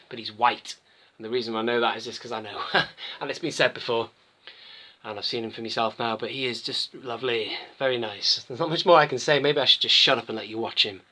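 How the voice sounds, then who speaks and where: His mid-range voice is bright and forceful as this man runs his own toy collecting channel. Reviewing figures in a casual chat to camera, he rambles and talks freely, often cutting himself off mid-thought.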